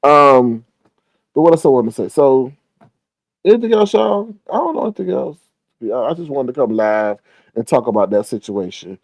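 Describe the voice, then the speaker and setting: A man hosting a casual live stream, talking straight to his viewers and breaking into excited exclamations. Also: medium pitch, no echo, low-quality recording. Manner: animated, exclaims often, talks to viewers directly.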